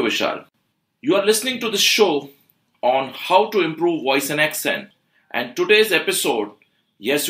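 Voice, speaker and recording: Upbeat guy running a podcast, kinda high voice, bouncy, echoey room. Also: sharp tone. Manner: upbeat, questioning interviewer. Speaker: podcast host and institute founder. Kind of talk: hosting an English-learning podcast.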